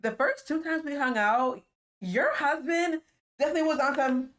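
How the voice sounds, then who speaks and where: A woman's voice: sits high, normal speed, noisy background. A young adult woman, a guest in a casual chat, telling her story earnestly and laughing often.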